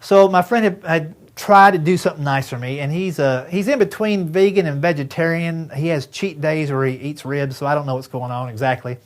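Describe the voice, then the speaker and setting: Man, fifties, stand-up comic, folksy storyteller, slightly high voice. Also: fairly quick, hardly any pauses. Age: 50s. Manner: folksy storytelling, acts out dialogue with friends and doctor. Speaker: stand-up comedian. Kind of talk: stand-up comedy routine.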